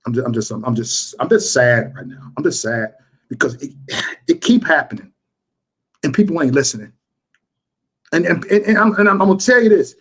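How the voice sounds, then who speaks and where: Man, fired-up livestream rant, higher-pitched voice, hammers points over and over. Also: fairly bright tone. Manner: impassioned, repetitive, emphatic. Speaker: YouTube livestreamer. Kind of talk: ranting livestream to chat.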